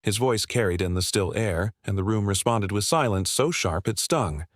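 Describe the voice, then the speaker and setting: Low-voiced man narrating a drama. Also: animated, moderate pace, no echo, studio quality.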